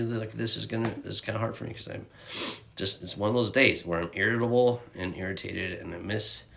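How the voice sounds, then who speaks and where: A man's voice: sits low, creaky, bright, forceful tone. A man giving a casual, candid devotional talk as a youth ministry leader, rambling with slang and fillers, tearful at times.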